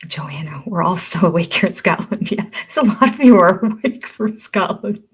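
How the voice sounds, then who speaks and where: A woman's voice: on the low side, lively intonation, moderate pace, husky. An older woman hosting a livestream, chatting casually, reading viewer comments aloud and laughing often. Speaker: livestream host.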